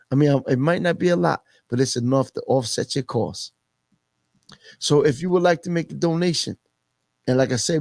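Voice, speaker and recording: A man's voice: on the high side, a little mellow, no room sound. A man hosting a casual livestream, earnestly repeating a humble plea for support, with many fillers. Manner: repetitive, earnest pleading, fillers. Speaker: livestream host.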